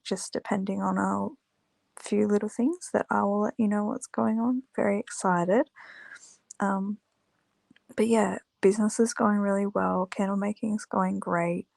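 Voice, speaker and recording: A tired, yawning woman chats casually to camera with a slow, unhurried delivery full of fillers. Her voice has a gravelly, creaky edge. The sound is close and dry, with no room around it. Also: mid-range voice, steady tone, darkish tone, dry recording. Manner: rambling, many fillers, unhurried. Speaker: small-business candle maker vlogger.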